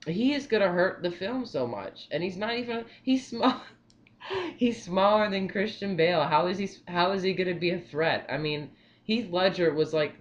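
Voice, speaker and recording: A young man giving his movie opinions in a casual vlog, rambling and excitable, repeating himself often. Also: fairly high pitch, highs cut off. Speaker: vlogger.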